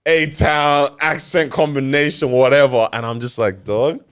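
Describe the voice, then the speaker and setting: A man co-hosting a podcast, talking in a casual, slangy, animated way. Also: a little high, normal speed, smooth. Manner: animated, slangy, laughs often. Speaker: podcast co-host. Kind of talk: casual chat.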